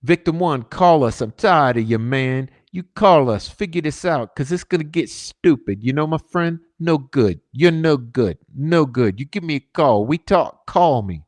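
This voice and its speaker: Guy doing a threatening italian mobster voice, short broken lines, kinda high and loud. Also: lively intonation, measured pace, few pauses, no room sound. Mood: menacing. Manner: threatening, clipped broken phrasing. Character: menacing male mobster with a put-on Italian accent.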